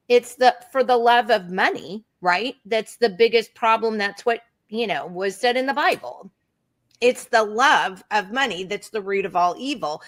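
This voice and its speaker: A woman's voice: medium pitch, fairly bright tone. Female talk show host, earnest explainer, conversational political chat. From Oklahoma.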